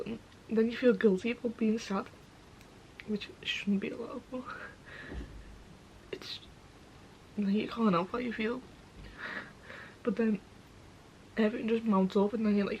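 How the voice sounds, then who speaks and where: Young woman, tearful, sweary and frank, flat-toned, faint hiss behind. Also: medium pitch, dull audio. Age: young adult. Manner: frank and sweary, with lots of filler questions. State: tearful, voice breaking. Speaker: vlogger. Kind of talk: casual talk to camera.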